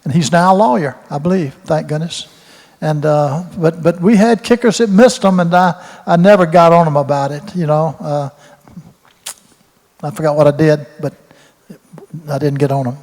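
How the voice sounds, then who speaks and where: A man's voice: a little high, fairly even intonation, normal speed, darkish tone. A man, a retired football coach telling rambling, folksy stories and repeating his words at a Q&A. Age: 80s. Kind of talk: storytelling in a Q&A. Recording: roomy hall reverb.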